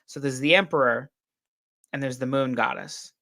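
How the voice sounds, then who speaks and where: A man's voice: mid-range voice, moderate pace, creaky, bright, forceful tone, dry recording. A tired man chatting as a guest about a novel over a video call, easygoing and rambling with many "like"s. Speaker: book reviewer guest. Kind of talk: casual chat about a book.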